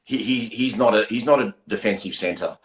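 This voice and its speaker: An Australian man hosts a casual fan podcast, speaking bluntly in a matey way with a lowish voice. His sound carries a noticeable roomy echo. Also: moderate pace. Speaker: podcast host.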